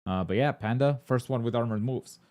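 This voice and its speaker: Speaking at a brisk clip and medium pitch, this gaming and anime news streamer chats casually. He gets excited and rambles, filling gaps with filler words and cursing bluntly, on a dry recording.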